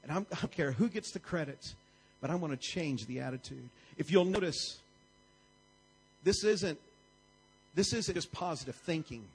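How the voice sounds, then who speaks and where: A man's voice: fairly high pitch, husky, poor audio. A man preaching a sermon in a church, with an emphatic, repetitive preaching cadence.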